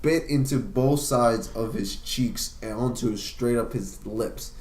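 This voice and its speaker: A man's voice: mid-range voice, measured pace. A man co-hosting a podcast, retelling a film scene with profane, laughing energy. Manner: animated, profane, laughing storyteller. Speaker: podcast co-host. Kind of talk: casual film recap chat. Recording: echoey room with faint music.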